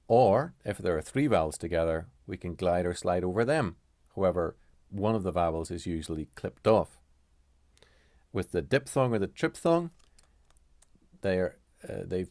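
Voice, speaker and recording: A man with a low, deep voice explaining pronunciation rules at a slow pace. He halts often and corrects himself mid-sentence. His voice is dry and close, with no room sound. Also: a little mellow, no room sound. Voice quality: halting, with frequent fillers and self-corrections. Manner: measured, deliberate delivery. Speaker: language teacher.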